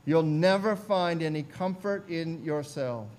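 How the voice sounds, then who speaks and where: A male pastor plays a thin country lay preacher with a broad Essex accent. He pleads in plain, homely words and repeats himself over and over. The voice sits high and carries loudly. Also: animated, measured pace. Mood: pleading. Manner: folksy, repetitive, pleading.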